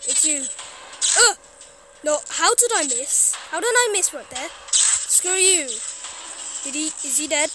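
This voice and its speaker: A very high-voiced woman plays through a horror game, jittery and exclaiming to herself. She talks slowly and unhurriedly. A clear hiss of noise sits under her voice. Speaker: gaming streamer. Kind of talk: horror game let's play.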